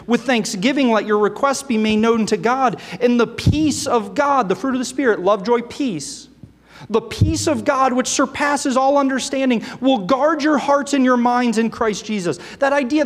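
A man preaching a sermon, earnest and full of rhetorical questions, reading scripture aloud between his own remarks. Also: very high voice. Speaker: pastor. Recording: long reverb of a large hall.

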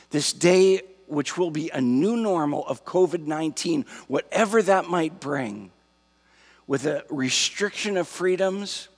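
A pastor preaching a sermon to his church, slow and emphatic, repeating key phrases. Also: fairly high pitch. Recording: long hall reverb.

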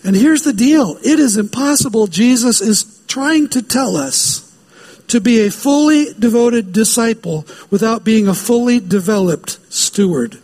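A man's voice: high voice, lively intonation, a little slow, darkish tone. A man preaching a sermon as pastor, emphatic and given to repeating key phrases.

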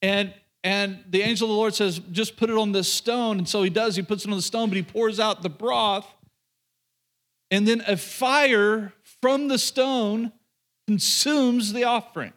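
A male pastor in the middle of a sermon, telling a story with an animated, conversational delivery. His voice sits fairly high for a man, and he speaks directly to the people listening. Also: a little slow.

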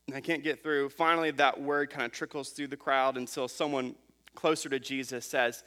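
Guy pastor preaching, chatty storytelling, bright forward voice, average pitch. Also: fairly even intonation, moderate pace, smooth. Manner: conversational storytelling with fillers and restarts. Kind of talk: sermon.

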